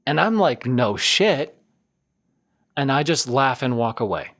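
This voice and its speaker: A man's voice: medium pitch, animated, a little fast, a bit bright. A man in his twenties hosting a podcast, telling a story in a rambling, self-deprecating way that circles back and repeats itself. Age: 20s. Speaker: podcast host. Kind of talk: casual storytelling.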